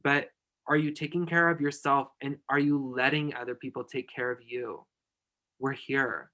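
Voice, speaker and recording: A man's voice: mid-range voice, little pitch movement, moderate pace, pushed and bright. A man guest on a podcast, chatting casually and giving emphatic, effusive encouragement. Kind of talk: casual chat.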